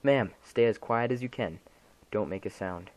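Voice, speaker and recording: A man's voice: lowish voice, normal speed, darkish tone, lightly acted. A man voicing a firm, commanding police officer answering a call in a dramatic reading of a horror story. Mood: urgent firm. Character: stern male police officer on phone duty.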